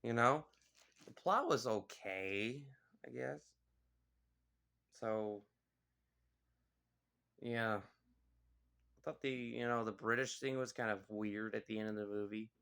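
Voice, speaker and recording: A man's voice: lowish voice, slow pace, gravelly, long pauses, sharp tone, clear, resonant tone. A man giving a casual spoken movie review, rambling and filling his sentences with "like" and "you know.".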